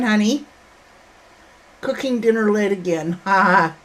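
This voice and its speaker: A woman's voice: medium pitch, a little slow. A woman hosting a casual livestream from home, greeting chat viewers by name and calling them honey and sweetheart. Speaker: livestream host.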